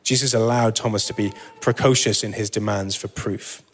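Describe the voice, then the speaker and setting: A man's voice: fairly low pitch, steady tone, normal speed, husky. Man preaching in a reverberant hall. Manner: informal and self-deprecating, with fillers and asides. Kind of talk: sermon with Bible reading.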